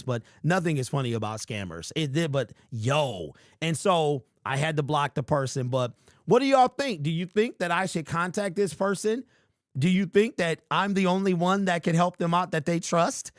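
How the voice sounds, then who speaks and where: A man's voice: on the high side, expressive, normal speed, no echo, studio quality. A man hosting a sports podcast in casual chat, joking, laughing at his own stories and talking straight to viewers.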